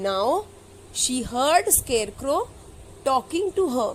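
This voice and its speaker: A woman's voice: sits high, slow pace, a little hiss or hum, low-quality recording. A woman teacher, reading a story aloud to children and explaining it line by line with frequent "okay" and "now". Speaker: English teacher.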